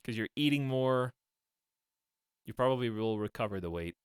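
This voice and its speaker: A man's voice: mid-range voice, lively intonation, moderate pace, clear, resonant tone, dry recording, clean studio sound. A man streaming a video game, chatting casually and thinking aloud as he plays, often laughing at his own jokes. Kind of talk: casual gameplay commentary.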